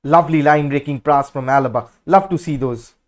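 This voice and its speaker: Hosting a football watch-along, a man delivers live match commentary that is excitable, blunt and outspoken. His voice is a little high and his pace brisk.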